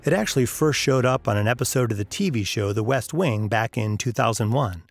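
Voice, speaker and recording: A man's voice: medium pitch, animated, fairly quick, soft background music. A man hosting a podcast, telling a story and acting out the characters' lines. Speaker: podcast host.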